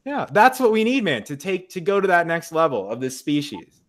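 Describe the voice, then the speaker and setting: A man's voice: fairly high pitch, big pitch swings, a little fast. A young man talking casually in a podcast conversation, frank and emphatic, with frequent swearing. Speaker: podcast guest. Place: in the US Midwest.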